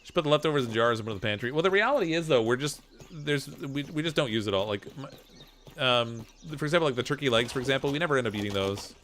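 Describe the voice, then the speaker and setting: A man's voice: mid-range voice, animated, fast talker, a bit bright. A man with a Canadian accent, chatting casually while gaming, reading chat comments aloud and laughing often. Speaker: gameplay streamer reading chat.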